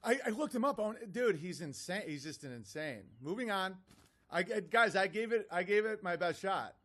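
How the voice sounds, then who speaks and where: A man's voice: sits high, animated, moderate pace, a bit bright. A man in his thirties hosting a livestream, reading out messages and mocking them bluntly. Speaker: livestream host.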